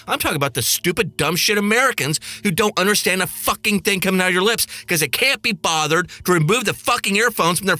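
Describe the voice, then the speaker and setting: A man's voice: fairly high pitch, bright, forceful tone, no echo. A man hosting a podcast, ranting in a snarky, profane, sarcastic way. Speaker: podcast host and flight attendant. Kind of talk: comedic rant.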